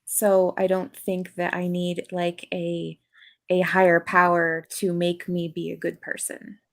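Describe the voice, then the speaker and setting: A woman's voice: on the low side, completely flat delivery, a little slow. A woman on a podcast panel, talking candidly and rambling with many fillers in casual chat.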